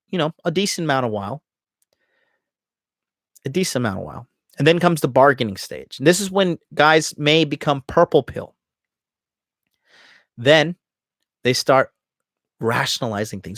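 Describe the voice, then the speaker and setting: A man's voice: mid-range voice, animated, measured pace, pauses often, no echo, clean studio sound. Profane emphatic male podcast host. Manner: profane, emphatic, acts out inner voices. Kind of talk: casual monologue to viewers.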